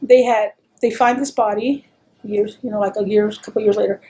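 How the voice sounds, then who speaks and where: A middle-aged woman telling stories in an oral history interview, animated and acting out the voices she quotes. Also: medium pitch, fairly quick.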